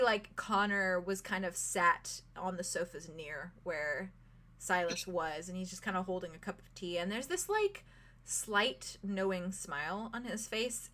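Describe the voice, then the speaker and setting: A woman narrating as game master of a tabletop game in an animated, chatty way, full of fillers. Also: medium pitch.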